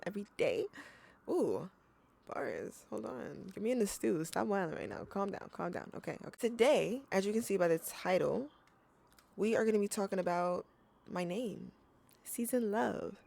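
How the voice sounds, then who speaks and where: A young woman talking straight to her viewers in a loose, rambling vlog, laughing easily and circling back on herself. Her voice sits a little low and carries a gravelly, fried edge. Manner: chatty, playful, laughs often, rambling restarts. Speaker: vlogger. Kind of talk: casual talking-to-camera vlog.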